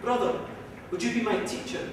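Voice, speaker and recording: Grinning happy monk, eager, high voice, echoey hall, storyteller puts him on. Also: male voice, brisk, far from the mic, background noise, lightly acted. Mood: humble. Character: cheerful, always-smiling male monk.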